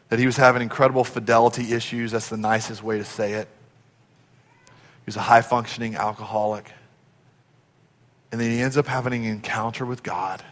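A man preaching a sermon as a pastor. He swings from shouts down to whispers and urges the congregation to answer him aloud. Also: medium pitch, in a large hall. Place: church sanctuary.

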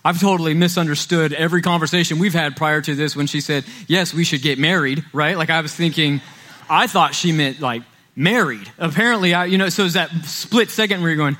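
A pastor preaches a sermon in a fairly high, slightly bright voice, talking fairly quickly. His delivery is conversational storytelling, and he frequently checks in with "right?"

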